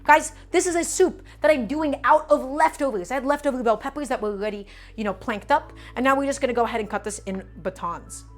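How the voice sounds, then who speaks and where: A woman's voice: high-pitched, quick pace, few pauses, faint music behind. A woman hosting a live cooking stream from her home kitchen, chatting enthusiastically with viewers as she chops vegetables. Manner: enthusiastic, repetitive, addresses viewers as friends.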